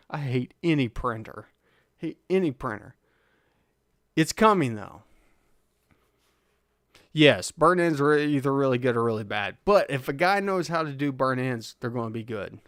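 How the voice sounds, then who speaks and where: A man's voice: on the high side, a bit bright, dry recording, studio quality. Chuckly laid-back man hosting a live stream. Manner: laid-back, chuckling often, reads chat aloud. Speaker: host of a live car tuning stream. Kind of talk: casual live stream chat.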